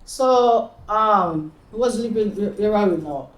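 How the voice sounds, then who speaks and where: A woman's voice: mid-range voice, animated, unhurried. A Jamaican woman in her fifties tells personal stories in an interview, laughing often and slipping into patois. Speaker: oral history interviewee. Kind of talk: personal storytelling. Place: community centre room. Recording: echoey room.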